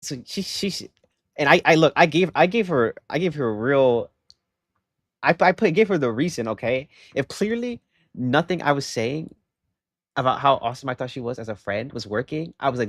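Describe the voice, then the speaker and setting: A man's voice: mid-range voice, moderate pace, no echo, studio quality. Exasperated young man streaming live. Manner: animated storytelling, gets loud and exasperated. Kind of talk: casual livestream chat.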